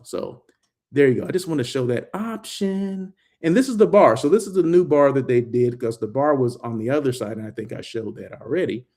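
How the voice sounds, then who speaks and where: A man giving a casual walking vlog tour of a hotel, chatty and excitable, filling his talk with asides and "right?" tags. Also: medium pitch. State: out of breath while walking. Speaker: hotel industry vlogger. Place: hotel grounds, indoors and out.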